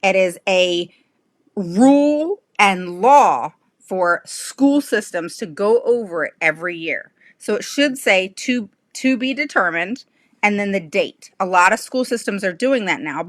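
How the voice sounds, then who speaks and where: A woman's voice: lowish voice, fairly bright tone, dry recording. A middle-aged woman teaching parents in a live-stream lesson, emphatic and direct, checking in with frequent "okay?" and speaking frankly. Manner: frank and blunt. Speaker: special education advocate host.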